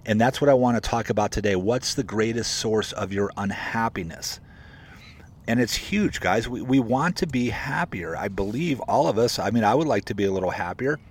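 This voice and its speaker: A man's voice: lowish voice, lively intonation, moderate pace, breathy edge. A man giving a casual motivational talk to his viewers and coaching real estate agents. He talks in a conversational, emphatic way, repeats his points and keeps calling his listeners "guys". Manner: greets viewers by name while talking.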